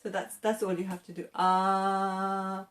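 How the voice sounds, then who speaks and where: A woman teaching English pronunciation to camera, patient and clear, repeating words slowly and often checking in with okay. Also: mid-range voice, completely flat delivery.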